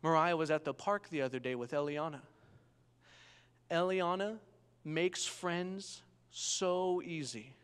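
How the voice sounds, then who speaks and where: Taking his time, a young man preaches smoothly and slowly, spinning his sermon into a vivid story and regularly prompting listeners to say amen. His voice is on the high side for a male, and long echoes from a spacious church hall hang around every line.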